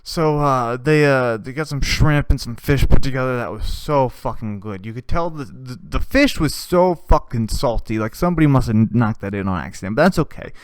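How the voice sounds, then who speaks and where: Guy rambling thru a funny story, swears a lot, hums tunes, smooth clear voice, dry close sound. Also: medium pitch, expressive, normal speed, few pauses, dry recording. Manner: laughs often and hums tunes while telling stories; swears freely. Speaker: podcast host. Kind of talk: casual storytelling.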